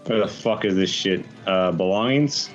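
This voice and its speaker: A man's voice: low voice, moderate pace. A man playing in a tabletop role-playing game, talking casually and profanely, on slightly dull audio with faint music. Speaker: player.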